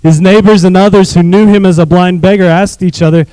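High-voiced youth pastor preaching. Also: male voice, a little fast, smooth, no echo, poor audio. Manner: animated, asks congregation to repeat phrases. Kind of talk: sermon reading scripture.

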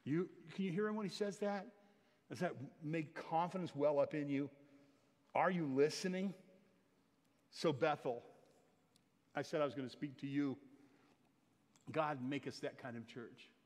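A man preaching a sermon in earnest, building louder and higher at the climaxes. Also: a little slow, long pauses. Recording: long hall reverb.

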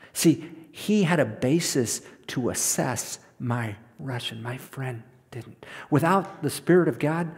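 A man preaching a sermon in a conversational way, often repeating words as he goes. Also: on the high side. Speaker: pastor. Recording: long hall reverb.

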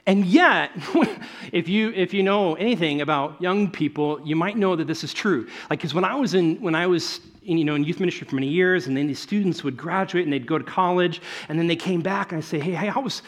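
A man in his thirties preaching a sermon, telling stories and acting out quotes, swinging between loud and soft. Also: fairly high pitch, a little fast. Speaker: pastor.

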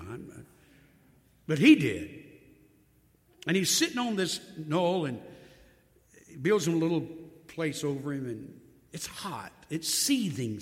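Lively folksy male preacher in a hall. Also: on the high side. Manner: folksy storytelling, emphatic repetition. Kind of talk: sermon. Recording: long hall reverb.

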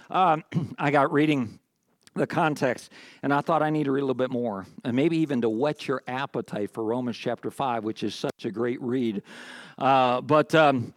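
A man preaching a sermon in church, lively and joking, quizzing the congregation with trivia. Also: medium pitch, no echo, clean studio sound. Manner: lively, joking with the congregation, asks quiz questions. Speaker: pastor. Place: church sanctuary.

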